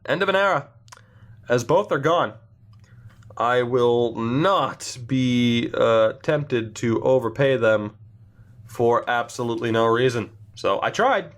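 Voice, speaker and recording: A man's voice: fairly low pitch, fairly bright tone. A young man giving casual, blunt and sarcastic commentary while thinking aloud through a hockey management game. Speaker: gaming channel host.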